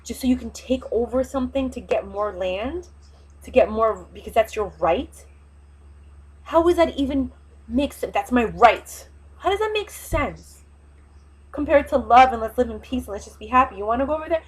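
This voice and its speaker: Husky-voiced woman ranting on a vlog. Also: a little high, animated, normal speed, low-quality recording. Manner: emphatic, rambling, fiery opinions. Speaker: vlogger. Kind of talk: impassioned casual monologue.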